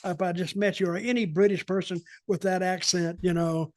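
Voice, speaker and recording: A man's voice: sits high, fairly even intonation, brisk, a little mellow, no echo, clean studio sound. An American man hosting a podcast, giving folksy, opinionated takes in a rambling, storytelling way. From United States. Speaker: podcast host, wrestling veteran. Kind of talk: casual podcast chat.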